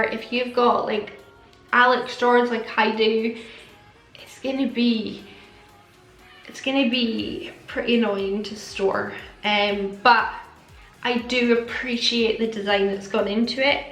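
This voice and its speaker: A woman's voice: on the high side, fairly bright tone, reverberant. Chatty Scottish woman with a slight lisp. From Scotland. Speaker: beauty vlogger. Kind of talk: casual chat to camera.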